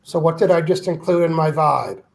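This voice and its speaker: Brief: man, higher voice with gravel, emphatic guest author acting out examples. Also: moderate pace. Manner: emphatic, acts out quoted complaints. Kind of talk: animated interview talk.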